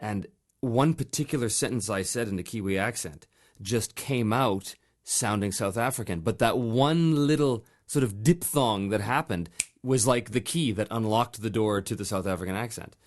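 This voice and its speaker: A man's voice: lowish voice, normal speed. A man hosting a voice acting podcast, chatting casually and reading out listener mail with laughs. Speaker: podcast host.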